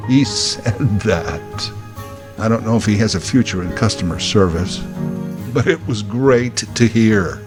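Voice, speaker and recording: A man, hosting a podcast and delivering a wry, deadpan comic monologue. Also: fairly low pitch, a little slow, over music. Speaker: podcast host. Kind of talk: comedic storytelling monologue.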